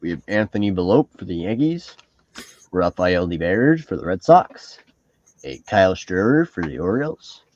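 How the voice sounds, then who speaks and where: A man with a Canadian accent hosting a live card break and reading off each card in a steady listing rhythm. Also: low-pitched, normal speed, dry recording, highs cut off.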